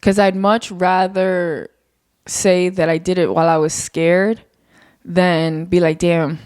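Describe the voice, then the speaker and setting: A woman's voice: lowish voice, little pitch movement, slow, darkish tone, clean tone, no echo, clean studio sound. A young woman hosting her own podcast, talking candidly and off the cuff in a rambling way, swearing casually. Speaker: podcast host. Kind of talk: casual solo podcast monologue.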